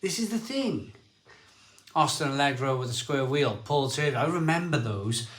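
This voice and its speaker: A middle-aged man hosting a casual livestream, telling rambling, excitable stories and reading out viewer comments. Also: mid-range voice, normal speed, roomy sound. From Barry, Wales. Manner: rambling storyteller, lively and excitable, often restarts sentences. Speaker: livestream host.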